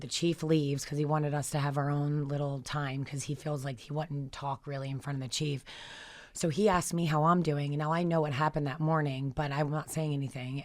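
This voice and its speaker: A middle-aged woman with a notably low voice tells heartfelt anecdotes as a radio interview guest. She rambles, restarts and fills pauses, and her telling turns emotional. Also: darkish tone. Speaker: guest, founder of a therapy dog group.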